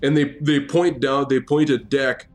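A man's voice: medium pitch, steady tone, a little slow, faint music behind. Casual male game master. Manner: casual, filler-heavy narration. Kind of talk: narrating a tabletop game.

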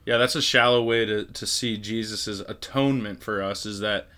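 A young man co-hosting a casual faith-based movie podcast, chatty and quick to laugh. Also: lowish voice, steady tone, pushed and bright, clean tone. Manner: chatty, laughs often, restarts phrases. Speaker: podcast co-host.

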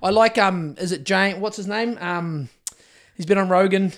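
This podcast co-host is a Kiwi man with a high voice who talks at a normal speed. He's a profane, rambling storyteller, cursing liberally as he chats casually.

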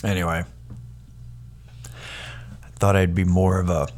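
A man's voice: deep voice, level tone, slow pace, darkish tone. A man hosting a podcast, ranting sarcastically in a casual, profane, rambling monologue full of restarts. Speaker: podcast host.

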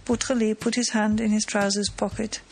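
Woman reading an old adventure novel, calm and steady, quiet music under it. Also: mid-range voice, normal speed, low-quality recording. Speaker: narrator. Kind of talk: audiobook narration.

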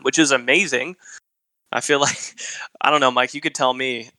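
A man hosting a casual podcast, recounting facts in a relaxed, conversational way with filler words. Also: mid-range voice, moderate pace, no echo, rough recording. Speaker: podcast host.

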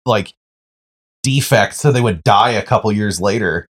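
A man's voice: fairly low pitch, a little slow. Man co-hosting a casual podcast. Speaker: podcast co-host. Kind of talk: casual chat.

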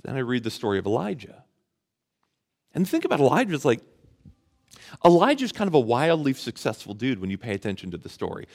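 A man's voice: mid-range voice, big pitch swings, brisk, pauses often, a little mellow. A man preaching a sermon in a conversational way, asking the audience questions and retelling a story with casual slang. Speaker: pastor.

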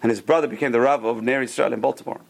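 A man teaching a Torah class in a rapid, gravelly voice. He tells stories with enthusiasm and keeps breaking into exclamations. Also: medium pitch, fairly even intonation, a little hiss or hum. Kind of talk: classroom Torah lecture with storytelling.

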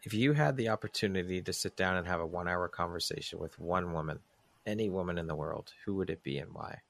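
A man's voice: low voice, fast, vocal fry, a bit bright. A man hosting a podcast interview, asking reflective questions and giving earnest, effusive thanks. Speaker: podcast host.

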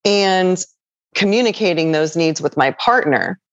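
Earnest low-voiced woman explaining calmly. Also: measured pace, no room sound. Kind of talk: podcast conversation. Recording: dull, dry lo-fi audio.

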